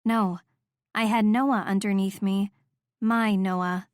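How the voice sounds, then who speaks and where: A woman reading a first-person romance audiobook in a soft, intimate, measured voice. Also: medium pitch, fairly even intonation, clean tone, no echo, clean studio sound. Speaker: audiobook narrator.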